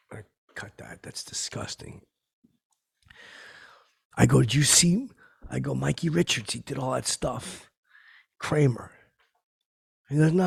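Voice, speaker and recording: A rough, gravelly, very raspy voice carries this washed-up middle-aged comic, as a man puts him on in a podcast monologue. He rambles in loose, tactless asides. His boasting keeps tipping over into sentiment. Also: medium pitch, heavily acted. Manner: rambling, rough-spoken, tactless, lurching between bravado and sentiment. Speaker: podcast host.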